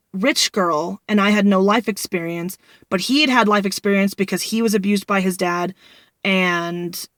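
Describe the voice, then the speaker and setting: A woman's voice: medium pitch, no echo, studio quality. A woman in her twenties tells a personal story in a candid vlog, rambling and venting with frequent restarts. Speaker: vlogger.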